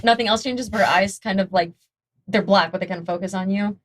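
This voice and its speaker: A woman playing a tabletop game, describing her character's actions in a relaxed, descriptive way. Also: medium pitch, fairly quick. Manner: descriptive, laughing often. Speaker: player. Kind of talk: casual tabletop play.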